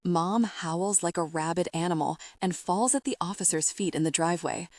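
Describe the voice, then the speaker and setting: Low-voiced woman reading a romance audiobook. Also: normal speed, darkish tone, no echo, clean studio sound. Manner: emotional, dramatic reading. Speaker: audiobook narrator. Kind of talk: scripted first-person romance narration.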